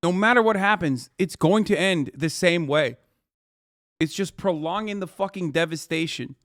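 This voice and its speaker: Profane ranting man, slightly high voice. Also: normal speed, fairly bright tone, no echo, clean studio sound. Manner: profane, heated ranting at chat. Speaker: streamer. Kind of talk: livestream reaction commentary.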